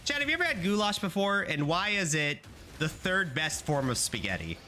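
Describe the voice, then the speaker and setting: A young man livestreams a video game, chatting casually with his audience through playful, rambling rants full of swearing. His high voice swings widely in pitch at a normal speed, with a bright, forceful tone.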